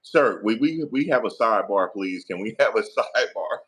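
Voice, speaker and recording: A man's voice: lowish voice, lively intonation, normal speed, a bit bright, breathy edge, voice pushed up. A man playing a fired-up male defense lawyer in a comedic role-play, incredulous and pleading, who keeps rephrasing his questions.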